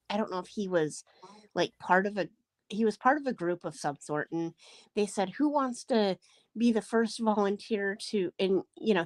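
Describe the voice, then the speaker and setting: A woman guest on a live chat panel tells an anecdote with plenty of pauses and fillers. Her delivery rambles but stays friendly. The sound is close and dry. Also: mid-range voice, darkish tone, dry recording. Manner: rambling, hesitant, many fillers. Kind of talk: casual chat.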